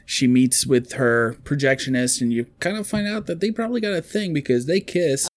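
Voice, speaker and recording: A man's voice: fairly high pitch, expressive, no room sound. A man chatting casually, retelling a movie plot in a rambling, storytelling way. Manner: rambling storyteller, quick quotes of characters.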